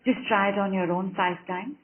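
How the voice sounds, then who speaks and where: A woman's voice: medium pitch, normal speed. Woman, group coach, encouraging, repetitive chanting phrases, tinny phone-like call audio. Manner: encouraging, affectionate, repeats phrases rhythmically. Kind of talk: guided group session over a call.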